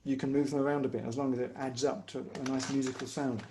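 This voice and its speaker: A man giving a patient, step-by-step online music lesson on the hurdy-gurdy, pausing often as he explains. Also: medium pitch, flat delivery, background noise. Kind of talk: online music workshop instruction. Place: home room, online workshop.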